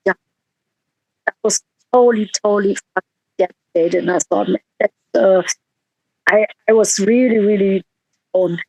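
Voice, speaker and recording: A woman's voice: medium pitch, fairly even intonation, moderate pace, pauses often, a little mellow, dry recording, muffled recording. A woman musician in a casual interview, telling a heartfelt story with quoted dialogue and frequent restarts.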